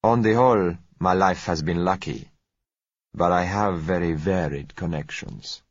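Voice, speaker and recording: A man's voice: low voice, dry recording, lo-fi sound. A man playing a suave, polite South American oil dealer. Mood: confident. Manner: polite, gentle, slow and measured.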